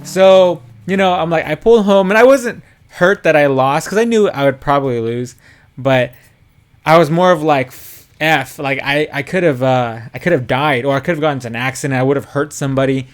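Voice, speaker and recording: While streaming a driving game, a young man with a slightly high voice tells a story fairly quickly and casually, wandering along with lots of fillers and quoted dialogue.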